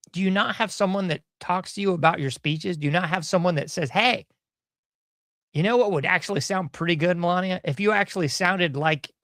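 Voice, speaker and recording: A man's voice: sits high, a bit bright, dry recording, studio quality. A man hosting a podcast, giving a rambling, sarcastic commentary monologue with mocking asides. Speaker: podcast host.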